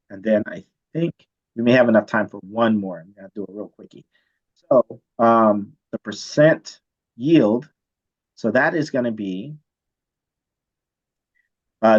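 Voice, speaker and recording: A man teaching chemistry, telling a story from his student days in a casual, animated way and checking in with "right?" often. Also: lowish voice, lo-fi sound. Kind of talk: storytelling lecture.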